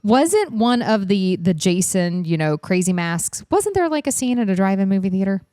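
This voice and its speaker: A woman co-hosting a casual podcast, bubbly and quick to laugh and chime in. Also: medium pitch, very animated, mellow, smooth, no room sound, clean studio sound. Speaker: podcast co-host.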